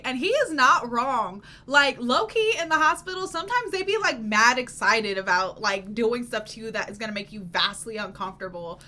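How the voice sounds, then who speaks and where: A woman's voice: fairly high pitch, animated, moderate pace, hardly any pauses, sharp tone. A young woman hosting a reaction video, telling a self-mocking story in casual talk and swearing freely. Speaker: reaction channel host.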